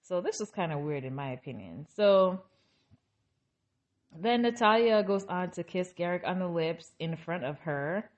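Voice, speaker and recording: Low-voiced woman recapping reality TV. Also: expressive, unhurried. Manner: opinionated, exasperated asides. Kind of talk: casual recap commentary.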